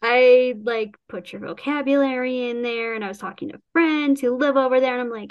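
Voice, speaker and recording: A woman's voice: high voice, moderate pace, hardly any pauses, smooth, dull audio. A woman author chatting casually about her novel, rambling with restarts, acting out quotes and laughing often. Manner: laughs often while talking. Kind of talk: casual chat.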